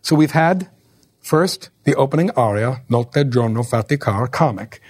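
A man's voice: medium pitch, lively intonation, a little slow, darkish tone, breathy edge. A man giving a lecture on opera, explaining scenes in a wry, conversational way with ironic asides.

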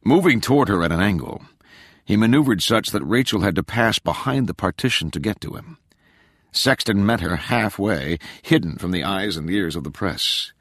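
Low, expressive male audiobook narrator, dramatic thriller reading, dry close sound. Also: no echo. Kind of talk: scripted narration.

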